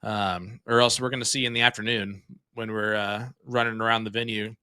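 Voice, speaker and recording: A young man doing casual, excitable live darts commentary from a small streaming room, chatty with lots of fillers. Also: fairly low pitch, a little fast, clean tone, no room sound, studio quality.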